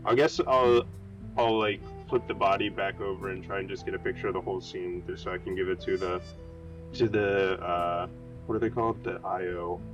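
Low-voiced man, distant and muffled. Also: steady tone, a little fast, music in the background. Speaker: player. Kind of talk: casual tabletop play.

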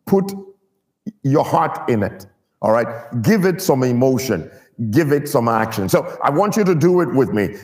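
A man's voice: on the high side, darkish tone, big-room sound. A man preaching a sermon to his church, stressing key words and getting the people to repeat them. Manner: emphatic, draws out key words and gets the congregation to repeat.

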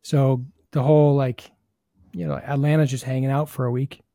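A man's voice: mid-range voice, little pitch movement, moderate pace, vocal fry, mellow, no echo, studio quality. A man hosting a baseball podcast, talking through ideas in a thoughtful, rambling casual chat. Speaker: host, hitting coach.

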